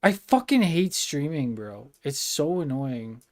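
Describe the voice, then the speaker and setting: A man's voice: a little high, big pitch swings, measured pace, darkish tone. A young man streaming live, talking casually, frustrated and swearing a lot as he vents about technical trouble.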